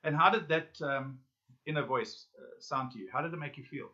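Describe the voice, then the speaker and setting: A man's voice: fairly high pitch, pushed and bright. Man leading a self-help lesson. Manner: talks straight to listeners with questions and pauses. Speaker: workshop facilitator. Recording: dull lo-fi audio.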